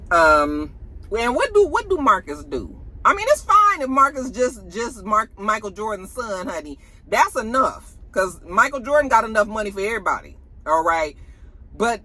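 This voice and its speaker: A woman's voice: medium pitch, sharp tone, a little hiss or hum. A woman, chatting casually about celebrity gossip to her viewers in a sassy, slangy way.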